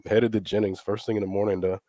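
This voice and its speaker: A man co-hosting a casual motorcycle chat, his voice worn raspy by a recent flu. He talks in a relaxed, rambling way with a low, mellow tone. The sound is dry and close, with no room around it. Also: fast, dry recording. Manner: laid-back, rambling with fillers. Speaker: podcast co-host.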